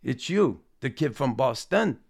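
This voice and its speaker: Man doing amused veteran hockey star, gravelly, teasing, warm. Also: medium pitch, big pitch swings, measured pace, full character voice.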